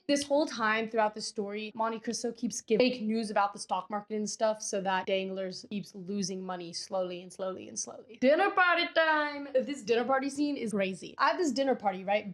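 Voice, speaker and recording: A young adult woman casually recapping a long classic novel, chatty and slangy, tossing in playful quoted asides. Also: medium pitch. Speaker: book vlogger.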